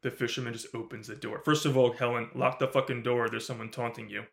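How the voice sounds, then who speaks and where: A man co-hosting a horror movie podcast, in a loose, casual chat. He laughs a lot, swears freely and puts on quick voices to replay scenes from the film. His voice sits at an ordinary middle pitch. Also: creaky. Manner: animated, swears a lot, laughs often, acts out character lines. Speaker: podcast co-host.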